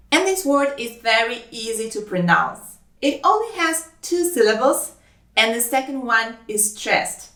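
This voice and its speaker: A woman who speaks Russian natively, teaching a language lesson in English with slow, careful speech, saying each phrase twice. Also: fairly high pitch, fairly bright tone, far from the mic. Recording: roomy, voice a bit off-mic.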